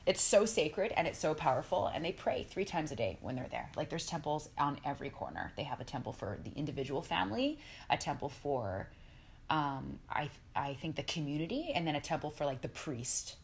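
A woman chatting casually as a podcast guest, an animated storyteller talking about energy and spirits with sudden excited jumps in her voice. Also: sits low, brisk, vocal fry, slight background noise. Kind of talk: casual chat.

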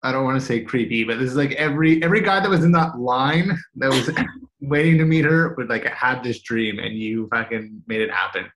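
A man's voice: mid-range voice, a little fast, a bit bright, reverberant, slight background noise, poor audio. A man co-hosting a podcast in casual chat, easygoing and amused, offering encouragement. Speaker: podcast co-host.

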